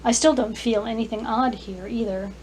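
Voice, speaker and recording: A woman voicing a practical young woman who runs a shop, speaking in lively, brisk questions. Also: fairly high pitch, slight background noise, natural voice.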